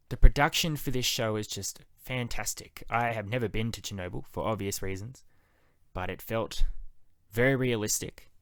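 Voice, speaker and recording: Guy chatting excitedly about a tv show, kinda low voice, dry sound. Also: normal speed, no room sound. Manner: enthusiastic, conversational. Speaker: TV show reviewer. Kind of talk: casual review monologue.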